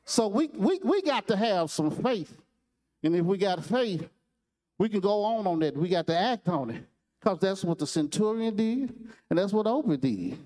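A man preaching a sermon, retelling a story with lively restarts and repetitions. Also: high voice, moderate pace. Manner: animated storytelling with repeated restarts.

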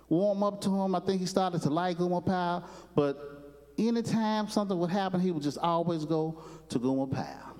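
A male preacher spins out a story in loose, repeating phrases. His voice sits a little high for a man. A long hall reverb carries each sentence. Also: a little mellow. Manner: storytelling, repetitive, conversational. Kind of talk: sermon.

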